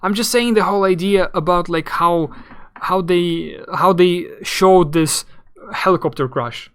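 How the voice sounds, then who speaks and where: Brief: young male streamer, fairly high and smooth voice, rambling and halting. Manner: rambling, halting, searching for words. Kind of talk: casual live game commentary.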